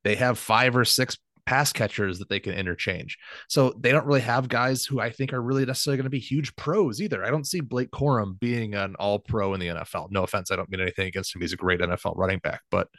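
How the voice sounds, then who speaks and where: A man's voice: lowish voice, quick pace, a bit bright, dry recording, clean studio sound. A man co-hosting a casual sports podcast, giving confident, opinionated analysis. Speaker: podcast co-host.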